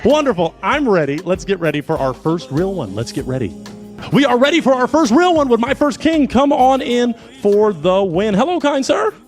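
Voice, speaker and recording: Lively high-voiced male show host. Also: moderate pace, faint music behind. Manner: animated, playful, stretches words. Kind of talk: energetic show hosting.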